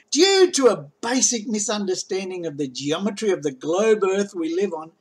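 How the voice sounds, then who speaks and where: A man's voice: high-pitched, fairly bright tone. An Australian man guesting on a commentary video, cheerful and teasing. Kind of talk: comedic commentary narration.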